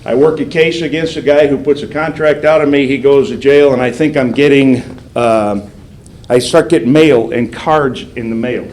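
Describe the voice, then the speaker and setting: A man's voice: medium pitch, normal speed. An older man, a federal agent, telling a story to police recruits and acting out the voices he quotes. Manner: animated, acts out quoted voices. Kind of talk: storytelling speech. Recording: roomy hall sound, faint background noise.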